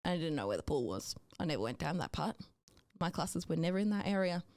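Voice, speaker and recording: A woman's voice: low-pitched, sing-song, fairly quick, darkish tone, no echo, studio quality. An Australian woman in her twenties chatting casually as a podcast co-host, telling self-deprecating stories and laughing often. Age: 20s. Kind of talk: casual chat.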